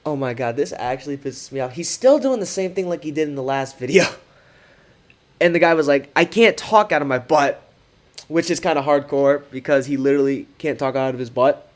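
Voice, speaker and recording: Guy doing a sarcastic commentary vid, reads texts out loud, kinda high voice. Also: a little fast. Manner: sarcastic, mocking. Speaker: commentary creator. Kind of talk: casual commentary reading texts aloud.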